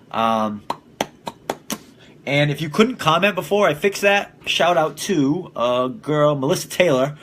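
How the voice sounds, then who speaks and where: A man's voice: mid-range voice, a bit bright, a little hiss or hum. A young man hosting a casual solo podcast, blunt and profane, who often laughs at his own jokes. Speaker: podcast host.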